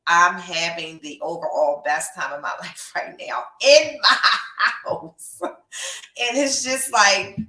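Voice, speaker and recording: A young adult woman who hosts a podcast and breeds reptiles reads out viewer comments while chatting casually, gushing emotionally and effusively. Her lowish voice is pushed and bright, and she speaks slowly. The room is echoey and the mic distant.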